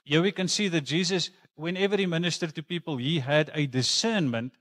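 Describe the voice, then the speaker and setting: A man's voice: fairly high pitch, a little fast, a bit bright. A man preaching a sermon in a church, talking earnestly and conversationally and mixing in personal stories. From South Africa. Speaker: pastor.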